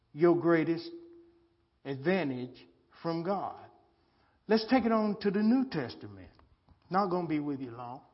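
A man's voice: sits high, slightly rough, highs cut off. A man preaching a live sermon in plain, colloquial speech, repeating his words and asking the listeners questions. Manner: slow, repetitive preaching with rhetorical questions.

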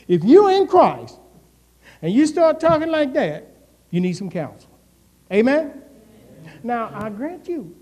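A male pastor a sermon, with call and response and swings in intensity. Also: very high-pitched. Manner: preaching with call and response, rising and falling intensity. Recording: reverberant church hall.

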